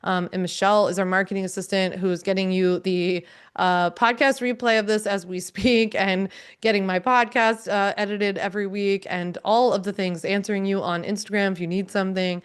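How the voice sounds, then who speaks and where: A woman's voice: mid-range voice, steady tone, normal speed, smooth. A woman in her thirties hosting a live online training, chatting casually with viewers, upbeat and full of fillers and small laughs. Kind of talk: casual live-stream chat, answering viewers.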